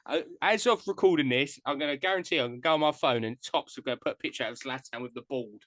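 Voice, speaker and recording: A man's voice: mid-range voice, fast talker, a bit bright, dry recording. A man hosting a casual podcast chat, an enthusiastic and self-deprecating fan of the players he discusses. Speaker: podcast host. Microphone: podcast mic on live stream.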